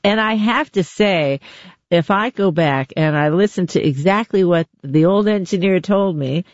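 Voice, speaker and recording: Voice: mid-range voice, a little slow. A chatty interview host who leads the conversation with easy questions and laughs often. The voice sounds slightly dull, as if on a muffled line. The recording is dry, with no room echo.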